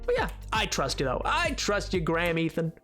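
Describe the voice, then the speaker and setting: Lively, rambling male game streamer. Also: fairly high pitch, a little fast, faint music behind. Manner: rambling, playful, talks to chat. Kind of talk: casual live-stream chatter while gaming.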